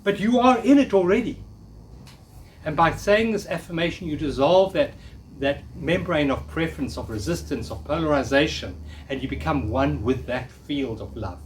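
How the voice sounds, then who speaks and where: A man in his fifties leads a live workshop, coaxing the room to repeat affirmations with feeling. His voice sits a little high for a man and sounds set back from the mic, with a faint hiss underneath. The delivery is earnest and encouraging. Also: moderate pace, recorded from a distance. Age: 50s. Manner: earnest, coaxing, leads audience call-and-response. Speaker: workshop speaker. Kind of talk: live spiritual talk to an audience.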